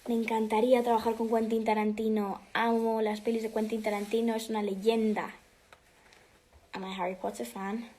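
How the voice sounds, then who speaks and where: Teen girl livestreaming from home, slightly high voice, chatty, flips between english and spanish. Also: level tone, fast talker, dark tone, slight background noise. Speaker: livestreamer answering fan questions. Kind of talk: casual livestream chat. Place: home room.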